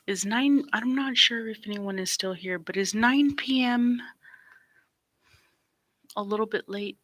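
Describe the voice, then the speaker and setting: A woman tarot reader chatting softly to her live stream viewers, often dropping into a whisper. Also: a little high, no room sound. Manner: slow, soft-spoken, drifts into whispers.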